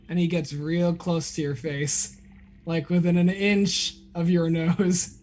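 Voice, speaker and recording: A man's voice: on the high side, little pitch movement, slow, darkish tone. A man narrating a tabletop game as game master, describing scenes loosely with frequent "like" and "uh".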